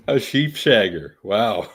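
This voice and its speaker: A podcast host whose husky voice sits on the low side with a fairly bright tone offers casual commentary on a news story. He explains it wryly, patiently, and deliberately, step by step.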